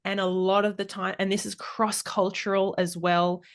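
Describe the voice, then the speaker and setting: A woman's voice: mid-range voice, flat delivery, moderate pace. A woman speaking as a podcast guest and expert, explaining in a casual, thoughtful way with frequent restarts and fillers. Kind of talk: casual interview chat.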